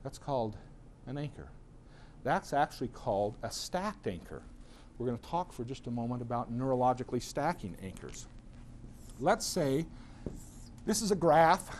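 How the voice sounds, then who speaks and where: A man's voice: mid-range voice, normal speed, long pauses, slight background noise. A middle-aged man giving a personal-growth lecture to an audience, telling stories animatedly and acting out other people's voices. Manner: animated storyteller who acts out voices. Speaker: seminar speaker.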